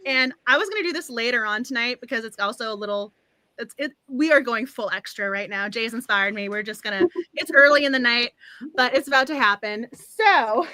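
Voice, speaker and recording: A woman hosting a cozy book club livestream, gushing and excitable, laughing often. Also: high voice, a little hiss or hum. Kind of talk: casual livestream chat.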